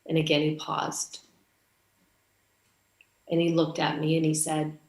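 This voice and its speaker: A woman's voice: low voice, monotone, measured pace, gravelly, pauses often, a little mellow, roomy sound. A woman from Canada giving a conference speech, telling a story and acting out the dialogue. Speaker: conference speaker.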